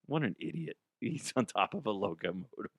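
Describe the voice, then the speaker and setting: A man hosting a radio show, riffing on odd news stories in a loud, crude and profane way. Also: fairly low pitch, big pitch swings, moderate pace, vocal fry, dry recording, studio quality. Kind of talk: crude comedic news talk.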